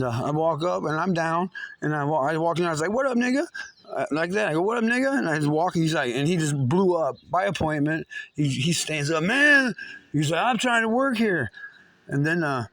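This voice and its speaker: A man with a somewhat high voice rants in a casual monologue. He rambles and restarts often, swears freely, and sounds agitated throughout. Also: vocal fry, no room sound.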